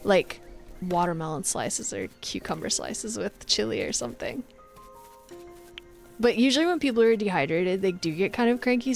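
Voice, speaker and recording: A young woman on a live Twitch stream chats casually with viewers, bossy and laughing as she acts out what people say. Her voice is medium in pitch and creaky.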